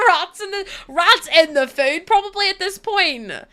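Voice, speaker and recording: Bright-voiced British woman streaming. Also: very high-pitched, unhurried, soft background music. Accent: British English. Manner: chatty and expressive, swears freely, laughs often. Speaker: live streamer. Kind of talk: casual chat while gaming on stream.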